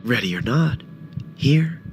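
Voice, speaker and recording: A man voicing a sadistic male serial killer who taunts his captive in a cold, softly menacing way. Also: medium pitch, lively intonation, takes it slowly, noisy background, pitched above the performer's own voice. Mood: coldly taunting.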